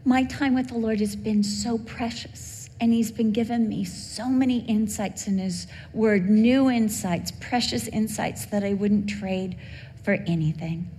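A woman voicing her elderly mother, tender and tearful, in a higher, softer voice. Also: a little slow, lightly acted. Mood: earnest. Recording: long hall reverb, faint background hum.

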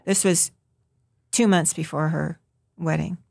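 A woman's voice: low-pitched, steady tone, measured pace, vocal fry, darkish tone, no room sound, studio quality. A middle-aged woman, a mother, earnestly telling a personal story in an interview and acting out what others said. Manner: earnest, acts out quoted voices. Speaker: guest, mother telling her daughter's story.

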